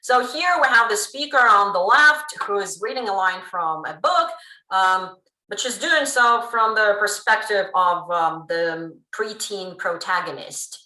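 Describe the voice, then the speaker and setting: A woman giving a pre-recorded linguistics lecture, explaining in a lively way with frequent ums. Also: medium pitch, unhurried. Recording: roomy room sound.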